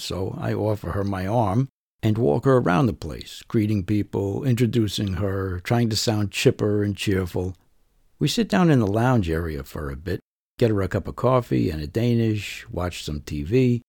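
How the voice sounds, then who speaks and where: A middle-aged man narrates a first-person story as a podcast host, wry and conversational. His voice is low, gravelly and husky. The recording is dry and close. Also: lively intonation, normal speed, a little mellow, dry recording.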